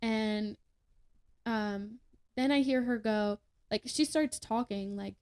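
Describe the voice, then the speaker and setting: Young woman, podcast guest, a touch high-pitched, rambling casual storyteller. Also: fairly even intonation, measured pace, darkish tone, smooth. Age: young adult. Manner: chatty, laughing, many fillers and restarts.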